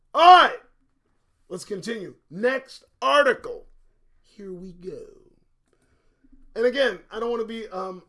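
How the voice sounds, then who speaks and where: A middle-aged man hosts his own live-streamed commentary show in a casual, blunt manner, cursing freely. His voice sits a bit high for a man and sounds slightly strained. He drifts into low, muttered stretches, then jumps into loud outbursts. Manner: blunt and profane, swinging between low quiet stretches and sudden loud bursts. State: voice recovering from strain.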